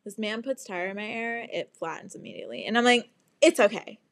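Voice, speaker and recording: A young woman hosting a podcast, telling a story in a casual, animated and dramatic way, swearing freely and acting out other people's lines. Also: mid-range voice, fast, no echo, studio quality. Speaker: podcast host.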